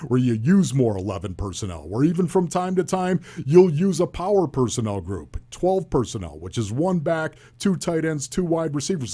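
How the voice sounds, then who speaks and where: Animated man breaking down football. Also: a little high, moderate pace, few pauses, breathy edge. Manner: animated, emphatic, fires rhetorical questions. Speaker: radio color analyst. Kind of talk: sports talk analysis.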